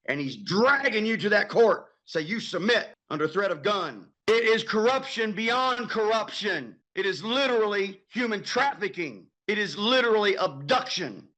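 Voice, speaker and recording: An American man with a high, bright, forceful voice tears into an angry political rant. He swears freely and breaks into shouts. The delivery is fiery and insistent throughout. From United States. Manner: angry, profane, shouting in bursts. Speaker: guest.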